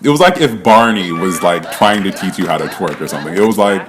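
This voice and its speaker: A man with a somewhat low-pitched voice recaps a reality show in a casual, rambling way. He laughs often, leans on "like", and swears without a second thought. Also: animated, a little fast, over a noisy crowd.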